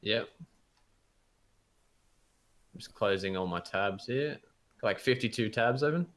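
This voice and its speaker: A man streaming a video game, chatting casually and telling stories in an animated, swearing way. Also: fairly low pitch, a little slow. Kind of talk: casual gaming stream chat. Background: game music.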